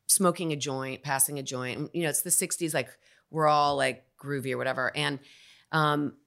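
Actor guest, woman, low gravelly voice, animated candid storyteller. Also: moderate pace. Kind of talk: casual podcast storytelling.

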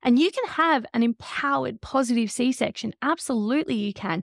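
A woman in her thirties tells her story as a podcast guest, emotional and animated. Her voice sits a little high and has a gravelly fry running through it. The recording is dry and close. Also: moderate pace, dry recording. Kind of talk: conversational interview.

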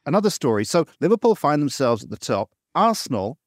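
A male host leads a football chat, teasing his guests and steering to the next topic. His pitch moves a lot as he talks. The recording is dry and close. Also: brisk, dry recording. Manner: teasing, lively questioner. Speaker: show host. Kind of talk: casual studio chat.

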